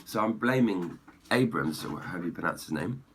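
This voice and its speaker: A man giving an exasperated, opinionated film review rant, clearing his throat often. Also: sits low, expressive, a little fast, a little hiss or hum. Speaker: movie reviewer.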